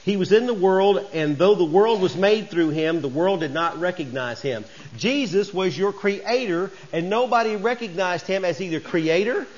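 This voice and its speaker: Folksy preacher, emphatic. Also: male voice, high voice, normal speed, hardly any pauses, lo-fi sound. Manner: folksy, rising to emphatic bursts. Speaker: pastor. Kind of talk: sermon.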